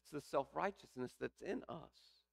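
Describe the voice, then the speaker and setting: Gravelly-voiced man preaching a sermon. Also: a little high, expressive, moderate pace. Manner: preaching with rising emphasis, reading scripture aloud. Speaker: pastor.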